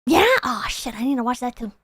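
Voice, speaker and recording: High-voiced, foul-mouthed woman streamer. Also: a little fast, slightly rough, no room sound. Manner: profane, rambling, excitable. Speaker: livestreamer reading viewer donations. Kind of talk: casual stream chat.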